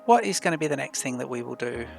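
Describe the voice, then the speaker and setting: A man hosting a let's play, thinking aloud in a chatty, unhurried way as he plans his moves. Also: mid-range voice, expressive, gravelly, soft background music. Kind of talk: casual gameplay commentary.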